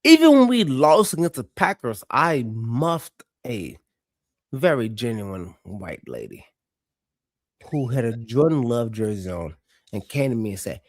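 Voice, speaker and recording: Animated, cussing male sports podcaster. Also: mid-range voice, measured pace, no room sound, clean studio sound. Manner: profane, animated storytelling. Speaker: podcast co-host. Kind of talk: casual sports chat.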